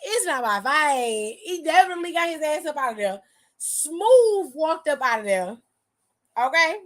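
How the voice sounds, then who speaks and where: A woman's voice: high voice, sing-song, normal speed. A woman hosting a casual wrestling recap, talking in a sassy, profane, slangy way.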